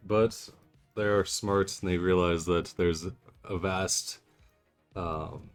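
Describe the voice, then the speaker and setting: Man, player, low voice, measured, explaining. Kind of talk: casual chat in character talk.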